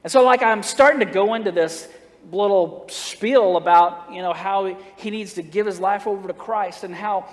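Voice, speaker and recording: Man, high voice, folksy humorous sermon storytelling, long church reverb. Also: moderate pace. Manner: folksy, humorous, acts out dialogue, laughs at own jokes. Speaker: preacher. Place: church sanctuary.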